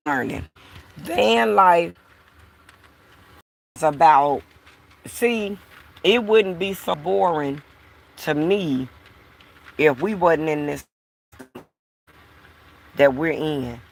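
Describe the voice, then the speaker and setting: Slow, gravelly woman venting to camera. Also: low voice, a little hiss or hum. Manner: frustrated, repetitive, addresses viewers directly. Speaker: vlogger. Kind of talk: casual talk to camera.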